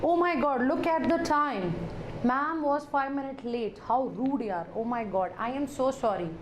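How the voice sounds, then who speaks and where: High-voiced Indian woman teacher, playful and theatrical, chatting in Hindi-laced English during a live class. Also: normal speed, background noise.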